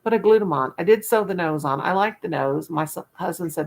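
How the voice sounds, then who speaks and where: A woman's voice: on the low side, lively intonation, a little fast, few pauses. An older woman, hosting a casual livestream chat with viewers, folksy and self-mocking, laughing at her own jokes. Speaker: livestream host.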